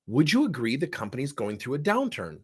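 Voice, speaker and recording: A man's voice: medium pitch, brisk, breathy edge. A middle-aged man who trains coaches, telling a story in a session and acting out the dialogue with theatrics. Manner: animated, acts out dialogue with theatrics.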